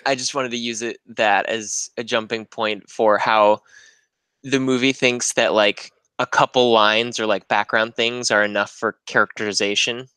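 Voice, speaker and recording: A man's voice: fairly low pitch, flat delivery, normal speed, pushed and bright, smooth, no echo. A man co-hosting a casual film podcast, making thoughtful points and laughing easily. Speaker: podcast co-host.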